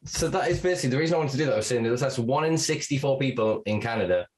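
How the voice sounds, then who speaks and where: A man talking as a guest on a podcast, loose and conversational. He rants with heavy swearing, pushes his points hard, and laughs darkly at grim facts. His voice sits at an ordinary middle pitch. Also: very fast, slight background noise. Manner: animated, profane ranting; laughs to cope.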